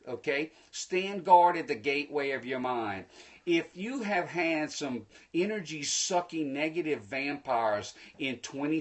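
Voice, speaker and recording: Fired-up motivational speaker man. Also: on the high side. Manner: energetic, preachy, bursts into excited shouts; folksy, addresses viewers directly. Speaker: motivational speaker hosting a livestream. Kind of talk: live-streamed motivational talk. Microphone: phone.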